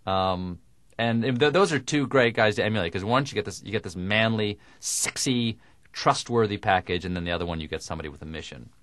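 A middle-aged man from the American South with no Southern accent, talking in a dry, deliberate way with crisp diction in an interview. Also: lowish voice, a bit bright, dry recording. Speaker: comedian guest. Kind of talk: radio interview conversation.

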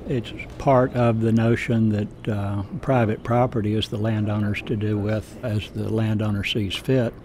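A male wind farm developer speaking in a measured, deliberate way. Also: lowish voice, little pitch movement, a little mellow.

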